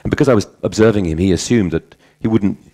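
A middle-aged man gives a conversational conference talk on language teaching, telling anecdotes and correcting himself along the way. His voice is lowish and mellow, and he speaks fast.

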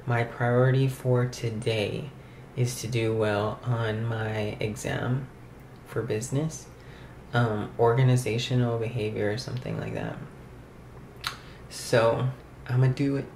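A man's voice: medium pitch, a little slow, gravelly, darkish tone, slight background noise. A young man talking casually to his camera at home as a vlogger, rambling with lots of fillers. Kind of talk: casual vlog talk to camera. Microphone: camera mic. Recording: roomy camera audio.

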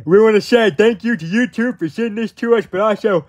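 Man as a showy male general manager, proud, husky, high-pitched. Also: brisk, darkish tone, lo-fi sound.

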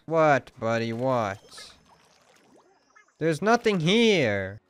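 A young man streaming a video game, reacting loudly with swearing and sudden shouts of surprise, sometimes reading game lines aloud flatly. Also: mid-range voice, very slow, clear, resonant tone. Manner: reads game dialogue aloud in a flat voice.

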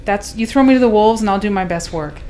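A woman working as a physician assistant, chatting on a podcast and telling stories with halting restarts. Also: mid-range voice, darkish tone, a little hiss or hum. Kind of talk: casual chat.

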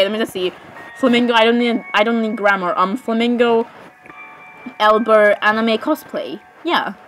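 A young woman chatting excitedly as she comments on her own gameplay, often saying sorry and literally. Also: a little high, rough recording. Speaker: gamer.

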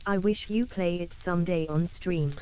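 A woman's voice: lowish voice, moderate pace, mellow, clean tone, dry recording, poor audio. A synthetic text-to-speech woman's voice reading chat messages aloud.

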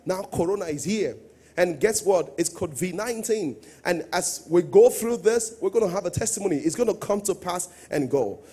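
A man's voice: high-pitched, lively intonation, normal speed, dark tone, breathy edge. A middle-aged man, a pastor, preaching a sermon earnestly, quoting scripture and asking his listeners questions.

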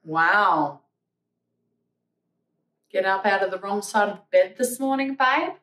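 A woman's voice: mid-range voice, expressive, takes it slowly, a bit bright. A young woman vlogger ranting back at comments in a sarcastic, profane, mocking way. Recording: echoey room, mic at a distance.

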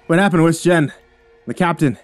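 A man's voice: on the high side, fast talker, soft background music, pitched above the performer's own voice, close to an everyday voice. A man voicing an anxious, pressing young male crewman in a spoken horror story, his voice raised above his narration.

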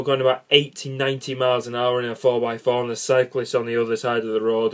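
A young man, rambling casually about cycling and bad drivers, exasperated and jokey with many restarts. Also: mid-range voice. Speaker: cycling vlogger.

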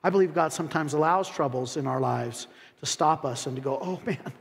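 Animated preacher in a reverberant church. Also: male voice, fairly quick, gravelly. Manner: animated, acts out voices of critics with sharp rises in pitch and volume; laughs between phrases, folksy asides. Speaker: pastor. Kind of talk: sermon. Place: church sanctuary. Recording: long hall reverb.

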